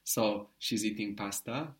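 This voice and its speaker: Male tutor, patient drill style, quick "good" after each answer. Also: on the low side. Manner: patient, prompting with short praise. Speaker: language teacher. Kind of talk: language lesson drills.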